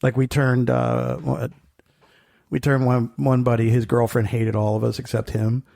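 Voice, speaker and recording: A man's voice: medium pitch, level tone, moderate pace, gravelly, mellow. A middle-aged man co-hosting a podcast, rambling through stories in casual chat and laughing often. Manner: rambling storyteller, laughs often, acts out quotes. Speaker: podcast co-host.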